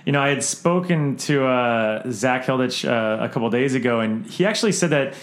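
A man's voice: mid-range voice, animated, normal speed. Podcast host guy, mid-range voice, stumbles through his question with lots of ums and uhs. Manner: hesitant questioning with many fillers. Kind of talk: interview questions.

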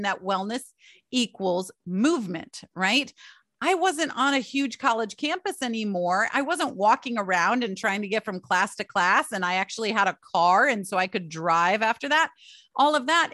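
A woman in her forties telling personal stories as a podcast host, chatty and animated, speaking straight to her listeners. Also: on the high side, dry recording, studio quality. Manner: chatty, animated, laughs often, addresses listeners directly. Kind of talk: personal storytelling monologue.

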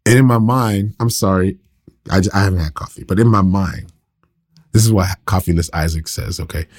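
A man's voice: deep voice, normal speed, darkish tone. A man in his thirties, a pastor, teaching the Bible in a casual, conversational way, laughing often and poking fun at himself.

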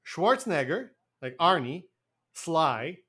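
A man's voice: a little high, slow pace, husky. A man whose first language is Portuguese, co-hosting a podcast in casual chat and telling jokey stories with casual swearing. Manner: animated, joking storyteller who swears casually. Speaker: podcast co-host.

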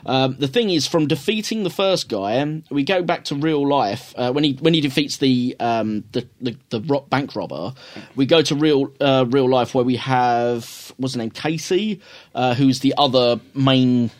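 A man co-hosting a casual film review podcast. He talks in halting bursts full of fillers and restarts, and gives blunt opinions. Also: medium pitch, dry recording. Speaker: podcast co-host.

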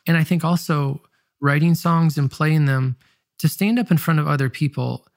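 Here the pastor and musician sounds a little high and creaky, talking at normal speed in a dry, clean studio recording. His nasal Michigan speech is candid and reflective, full of self-questioning and restarted sentences.

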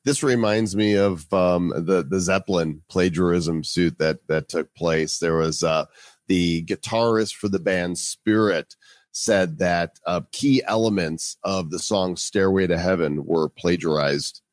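A man's voice: sits low, steady tone, unhurried, no echo. A man hosting a podcast, chatting casually and reading out news stories with emphatic, indignant remarks. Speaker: podcast host.

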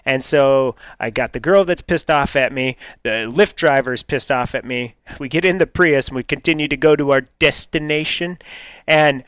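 A man co-hosting a radio show, telling a dating story in a casual, animated way and laughing often. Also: mid-range voice, normal speed, smooth, no echo.

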